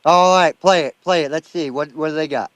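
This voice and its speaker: A man's voice: on the high side, brisk, no echo. A man in his thirties with a Down East Maine accent, telling stories bluntly and with lots of swearing in casual chat. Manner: blunt, profane storytelling.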